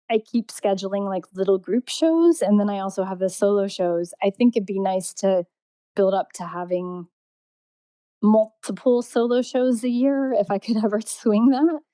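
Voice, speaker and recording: A woman's voice: medium pitch, dark tone, smooth, dry recording. A woman from Indiana telling stories about her life and art in a loose, rambling way, full of restarts and laughs. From Indiana, USA. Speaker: artist interviewee. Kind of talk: casual storytelling.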